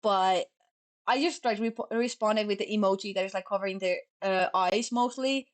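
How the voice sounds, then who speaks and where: Young woman, Finnish accent, casual streamer chat, quick and sloppy delivery, mid-range voice. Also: mid-range voice. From Finland. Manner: fast, sloppy talker who stumbles over words.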